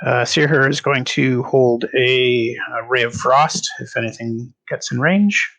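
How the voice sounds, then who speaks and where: A man's voice: mid-range voice, measured pace, a bit bright. Man running a tabletop game. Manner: narrates with many filler uhs. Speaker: game master.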